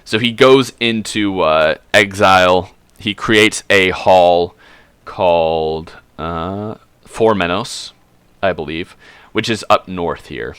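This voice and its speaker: A man's voice: low voice, slow, fairly bright tone, clean tone, dry recording. A man casually retelling a fantasy book while drinking. He rambles, swears and corrects himself as he goes. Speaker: streamer.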